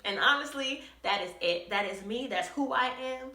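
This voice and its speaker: A woman's voice: on the high side, normal speed. Chatty young woman in an echoey room. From New York City. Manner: chatty and animated, full of "like" and "you know". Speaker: vlogger. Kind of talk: storytime vlog.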